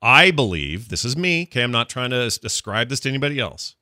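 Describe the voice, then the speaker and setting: This middle-aged podcast co-host talks fast in a sharp, mid-range voice, and he's very animated. His casual chat rambles with many restarts and plenty of laughter, recorded cleanly in a studio with no room sound.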